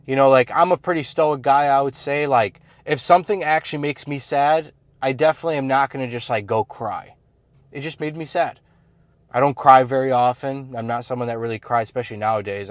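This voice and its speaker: A man's voice: medium pitch, no echo. Blunt, slangy male coach. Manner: blunt, slangy, filler-heavy talk. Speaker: men's self-improvement coach. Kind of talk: casual advice monologue.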